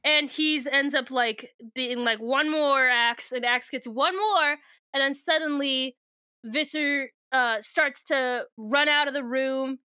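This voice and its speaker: A woman's voice: high-pitched, takes it slowly, sharp tone, dry recording. A young woman co-hosting a podcast in casual chat, rambling through a book recap, swearing freely and laughing often.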